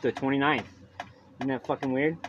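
A man's voice: medium pitch, fairly even intonation, moderate pace. Cursing man rambling on a lo-fi podcast. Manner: profane, rambling, loose and casual. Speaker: podcast host. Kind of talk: rambling solo podcast monologue. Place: at home, by a baby monitor. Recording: dull lo-fi audio with noise.

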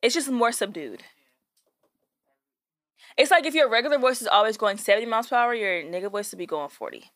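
A woman's voice: a little high, a little fast, pauses often, no echo. A playful woman co-hosting a casual podcast. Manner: playful, laughing, lively back-and-forth. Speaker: podcast co-host. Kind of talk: casual chat.

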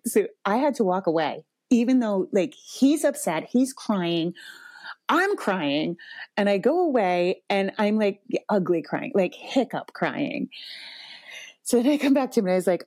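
A woman in her forties tells a personal story as a parenting podcast host, in a mid-pitched voice. She talks loosely and animated, swears freely and laughs often. When she acts out quotes her pitch jumps up. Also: normal speed. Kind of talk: casual storytelling.

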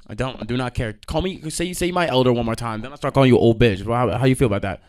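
A young man hosting a podcast, telling stories in a casual, profane rant with sudden loud outbursts. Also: medium pitch, quick pace. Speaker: podcast host.

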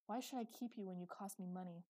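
A woman's voice: mid-range voice, fast talker, mellow, lightly acted. A woman voicing a brutal male tavern keeper who barks harshly and with contempt at a child. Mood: furious.

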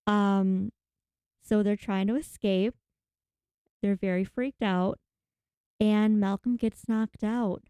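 A woman recapping a horror movie in casual chat, animated and dramatic, acting out the characters' lines. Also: mid-range voice, slow pace, long pauses, clean tone, no echo, clean studio sound.

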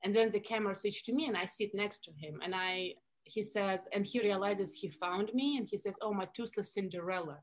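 A woman's voice: medium pitch, normal speed, few pauses. A woman in her thirties from Russia with a Russian accent, a guest chatting casually and acting out quotes as she tells stories. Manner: animated storytelling with playful acted-out quotes. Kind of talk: casual interview chat.

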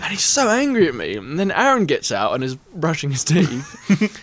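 A man's voice: fairly high pitch, big pitch swings, moderate pace, fairly bright tone. A man telling a festival story in casual chat, acting out the voices of the people in it and laughing often.

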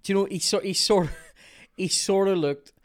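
A man hosting a podcast, telling a work story in a casual, animated way, swearing freely and laughing often. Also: high-pitched, normal speed. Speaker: podcast host.

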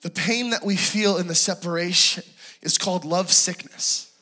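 Bright-voiced man preaching a testimony. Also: high-pitched, normal speed, faint music behind. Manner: hushed and tender, rising to impassioned pleading. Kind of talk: sermon testimony.

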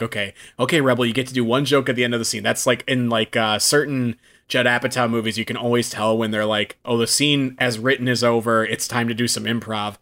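A man's voice: medium pitch, a bit bright. An upbeat man reviews a movie on a podcast, laughing easily between his points. His talk is loose and full of fillers. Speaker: podcast co-host. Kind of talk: casual movie review chat.

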